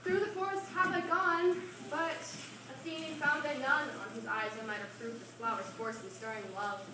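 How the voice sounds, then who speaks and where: Woman as male fairy sprite: high, slow, sneaky verse; distant mic in a booming hall. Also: steady tone, lightly acted. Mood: sly. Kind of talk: amateur stage acting. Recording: echoey stage recorded from far off, noisy.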